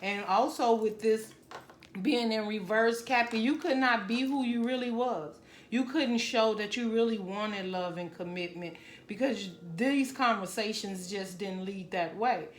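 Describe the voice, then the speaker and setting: A woman's voice: fairly high pitch, a little slow, a little hiss or hum. A woman giving a tarot love reading in an earnest, conversational way, often asking "right?" and saying "you know.". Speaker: tarot reader. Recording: echoey room.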